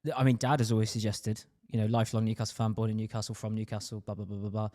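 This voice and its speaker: A man co-hosting a football podcast, arguing his point quickly in casual chat. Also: fairly low pitch, level tone, warm tone. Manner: quick, argumentative. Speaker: podcast co-host.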